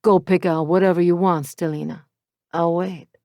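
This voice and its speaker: A quietly dangerous man speaks in soft, assured tones with an Italian accent, put on by a woman reading the audiobook. His voice sits low and level. It is recorded dry, with no room around it. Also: fairly even intonation, normal speed, no room sound, close to an everyday voice. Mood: calm.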